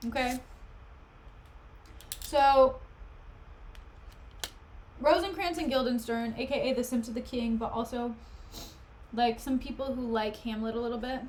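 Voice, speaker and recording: A woman's voice: fairly high pitch, normal speed, long pauses, darkish tone, slight background noise. A woman streamer chatting casually and jokingly as she reads a play aloud, often wandering off topic. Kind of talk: casual chat while reading a play aloud.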